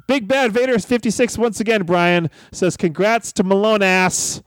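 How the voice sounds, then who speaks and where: A man co-hosting a casual podcast, reading out listener messages and plugs at an unhurried pace. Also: sits high, steady tone, dry recording, clean studio sound.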